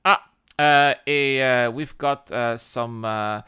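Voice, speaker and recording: A man hosting a livestream, chatting casually with viewers and reading out their comments in an excitable way, often restarting his sentences. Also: mid-range voice, slow pace, clear, resonant tone, dry recording, studio quality. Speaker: livestream host.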